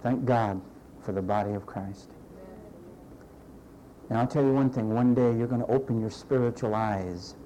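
A man preaching a sermon in a conversational, animated way, acting out the voices of the people he quotes. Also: medium pitch, normal speed, pauses often, a little hiss or hum, poor audio. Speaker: pastor.

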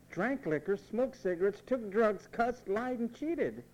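A man preaching a sermon, emphatic and repetitive, mimicking what others say in quick asides. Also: high voice, expressive, poor audio.

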